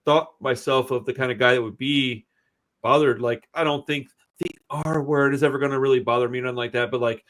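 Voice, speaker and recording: A man's voice: medium pitch, a bit bright. A man hosting a movie podcast, telling long stories in a blunt, profane, rambling way. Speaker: podcast host. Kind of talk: casual chat, storytelling.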